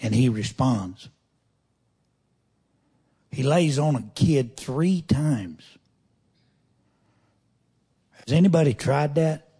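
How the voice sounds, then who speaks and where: Speaking slowly with long pauses, a man preaches a sermon in an expressive, medium-pitched voice that is dark with a breathy edge. After reading scripture, he breaks off to question the congregation pointedly in a homespun, conversational style.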